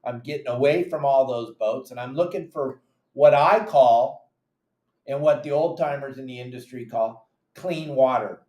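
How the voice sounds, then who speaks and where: Animated fishing captain in an echoey room. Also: male voice, mid-range voice, moderate pace. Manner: animated, acts out friends' voices in quotes. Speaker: fishing podcast host and charter captain. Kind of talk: casual fishing advice talk.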